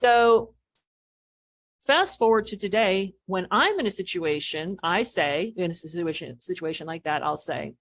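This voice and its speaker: A woman's voice: on the low side, a little slow. A woman business coach answering as a podcast guest, explaining animatedly and acting out what people say. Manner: animated explaining, acts out quoted remarks.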